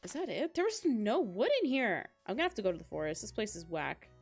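Giggly young woman streamer, lively voice. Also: medium pitch, quick pace, breathy edge, faint music behind. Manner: giggly, chatty, talks straight to chat. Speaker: livestream host. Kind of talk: casual gaming livestream chat.

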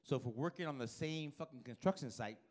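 A man's voice: mid-range voice, fast talker, a little mellow. A male stand-up comedian on a comedy club stage, doing brash, profane, teasing crowd work with the audience.

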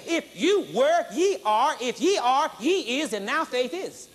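Man preaching at a conference, real high voice that jumps all over, punchy and repeating himself. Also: very animated, unhurried. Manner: emphatic, repetitive, rising to high exclaims. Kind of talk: sermon. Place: conference hall.

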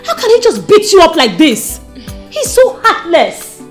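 An actress with a Nigerian accent playing a loud, bossy young woman who shields her friend and insults a man. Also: very high voice, huge pitch swings, a little slow, faint music behind, full character voice. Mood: fussing.

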